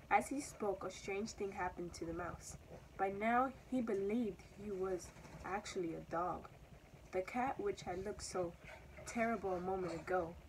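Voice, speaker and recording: A young woman, a student, reading a children's story aloud with steady, expressive storytelling. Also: medium pitch, a little hiss or hum, low-quality recording. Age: teenager or young adult. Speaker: student reader.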